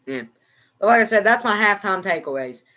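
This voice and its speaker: A livestream sports reactor with an American country accent rambles through live football, repeating himself and talking to his chat. His voice is high-pitched and animated, fairly quick, with a sharp tone.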